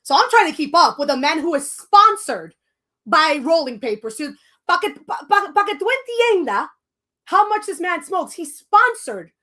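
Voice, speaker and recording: A woman with a high voice tells a story in loose, casual chat. She switches freely between English and Spanish mid-sentence. She acts out the lines she quotes with lively animation. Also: moderate pace. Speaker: podcast co-host.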